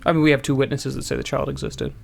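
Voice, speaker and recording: A man's voice: mid-range voice, fairly even intonation, rapid-fire, vocal fry, faint music behind. A man playing a tabletop game, blunt and casually swearing as he works through the plan. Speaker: player. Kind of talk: tabletop role-play, casual chat.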